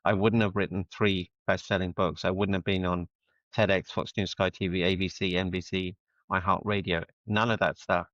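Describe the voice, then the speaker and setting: An earnest middle-aged man tells his story as a guest, pressing each point home. His voice sits fairly low and sounds a little muffled, as over a video call, with a dry sound and no room echo. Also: flat delivery, normal speed, a bit bright. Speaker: guest, mindset coach. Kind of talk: storytelling interview answers.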